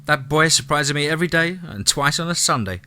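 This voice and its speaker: A man voicing a teasing young woman from the South in an audiobook, raising his pitch for her. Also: animated, fairly quick, bright, forceful tone, dry recording.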